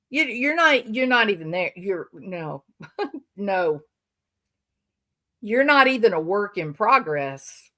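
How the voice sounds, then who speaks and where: Slow, sarcastic woman reacting on a livestream. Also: mid-range voice, fairly bright tone. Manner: emphatic and sarcastic, drawn-out phrasing. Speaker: livestream host. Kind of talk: reaction commentary.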